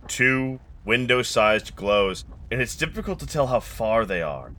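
A man narrating as game master of a tabletop game, slow and deliberate, building a grim atmosphere. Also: medium pitch, lively intonation, sharp tone, a little hiss or hum.

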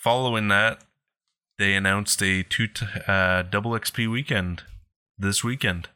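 Male co-host, deep voice, bright edge, dry low-key remarks. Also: steady tone, a little slow, clean tone. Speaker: podcast co-host. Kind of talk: live gaming podcast chat.

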